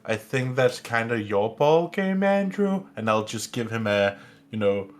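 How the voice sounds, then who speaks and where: A man playing a tabletop game, describing events haltingly and with many fillers. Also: mid-range voice, very animated. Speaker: player. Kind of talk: casual tabletop play.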